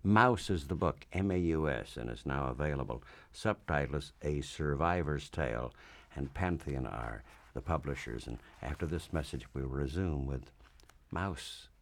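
Very deep-voiced male radio host. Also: expressive. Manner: halting, with restarts and fillers. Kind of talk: broadcast interview.

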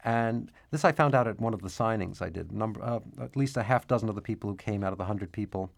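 A man talking as a guest author in an interview, reflective and measured, at times reading passages from his own book aloud. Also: on the low side, vocal fry.

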